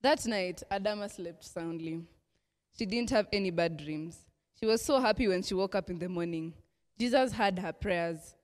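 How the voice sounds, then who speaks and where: A young Kenyan woman presenting a church teens' lesson, praying and reading a mission story aloud at a measured pace. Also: medium pitch, a little mellow. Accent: Kenyan English. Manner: measured, prayerful delivery. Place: church hall. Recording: echoey hall reverb.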